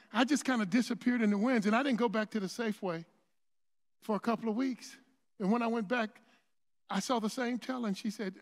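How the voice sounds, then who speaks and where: A man with a very high voice preaches in a church, telling a story casually with restarts and rising to shouts. His voice rings out with a long hall reverb behind it. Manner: builds to shouting crescendos; conversational storytelling with many restarts. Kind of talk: storytelling sermon. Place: church sanctuary.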